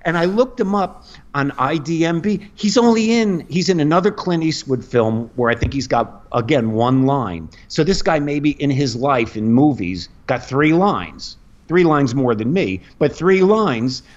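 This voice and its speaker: A middle-aged man, a comedian guest, telling a long rambling story on a podcast, animated and full of restarts. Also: on the high side, unhurried. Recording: dull lo-fi podcast audio.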